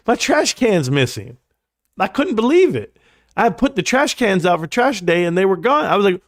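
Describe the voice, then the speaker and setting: A man hosting a livestream, telling a long story in a rambling way, jumping high when he acts out quotes and dropping low for asides. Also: normal speed, no echo, clean studio sound. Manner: animated, jumps high in pitch when acting out quotes; rambling, drops to quiet asides. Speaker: livestream host. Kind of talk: casual storytelling.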